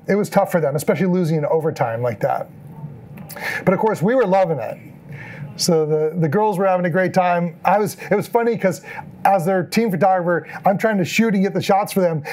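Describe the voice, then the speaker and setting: A middle-aged man giving a storytelling talk as an event photographer, acting out the lines people said. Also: sits high. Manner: animated, acts out quoted lines in the story. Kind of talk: storytelling presentation.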